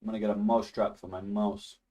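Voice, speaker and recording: Relaxed low-voiced man, slightly off-mic. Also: fairly quick, far from the mic. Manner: chatty and loose, with laughs and restarts. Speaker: streamer teaching a networking course. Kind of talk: casual study stream talk. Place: his home.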